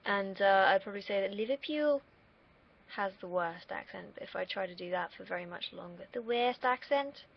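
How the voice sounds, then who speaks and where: A woman's voice: mid-range voice, fairly even intonation, fairly quick, vocal fry, highs cut off. A young woman from the UK, vlogging in a casual, rambling monologue that wanders off on tangents, with the odd swear word. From United Kingdom.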